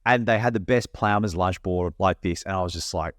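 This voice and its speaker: Lively bloke telling a story. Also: male voice, deep voice, a little fast, no echo, studio quality. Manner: animated storytelling, laddish slang. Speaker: podcast co-host. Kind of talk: casual chat.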